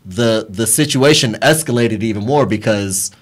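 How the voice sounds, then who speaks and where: Blunt, profane man with a low voice. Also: normal speed. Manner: profane, blunt, animated retelling of a bar fight. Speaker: radio talk show regular. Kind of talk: casual storytelling chat. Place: community radio studio.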